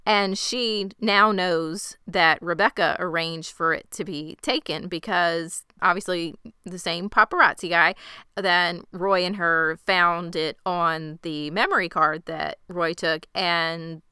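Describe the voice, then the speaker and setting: A woman in casual chat, recapping an episode with animated retellings and quoted character lines. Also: fairly low pitch, slow, smooth, dry recording, studio quality. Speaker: podcast co-host.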